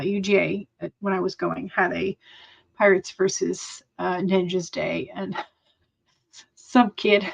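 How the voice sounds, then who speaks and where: A woman's voice: mid-range voice, gravelly. A young woman hosting a writing livestream, chatting casually with many fillers and small laughs. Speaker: writing sprint livestream host. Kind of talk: casual chat to live viewers. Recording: dull lo-fi sound.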